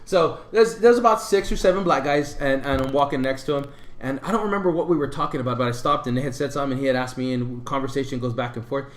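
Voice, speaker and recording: Animated storytelling man, echoey room. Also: mid-range voice, quick pace. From Puerto Rico. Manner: animated storyteller, acts out quoted people loudly. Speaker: podcast co-host. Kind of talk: casual storytelling chat.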